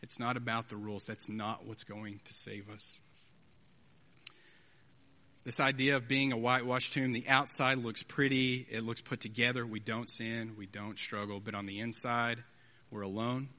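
A man's voice: medium pitch, flat delivery, normal speed, bright, forceful tone. Man in his thirties preaching in a hall. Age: 30s. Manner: earnest, conversational preaching with rhetorical asides. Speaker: pastor. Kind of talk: sermon. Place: church sanctuary. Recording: long hall reverb.

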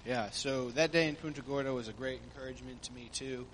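Male pastor, mid-pitched, relaxed report, hesitant pauses, faint room noise. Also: big-room sound. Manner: relaxed, hesitant with many fillers. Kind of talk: church mission report.

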